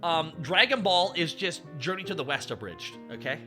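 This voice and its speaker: A man streaming, chatting casually in an animated, joking and profane way, laughing often. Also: on the high side, moderate pace, soft background music. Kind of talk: casual chat.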